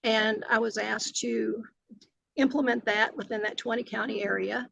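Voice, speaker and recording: A woman's voice: on the high side, steady tone, moderate pace, vocal fry, a bit bright, slight background noise, rough recording. An older woman, a retired agency director answering interview questions earnestly, with many fillers and restarts.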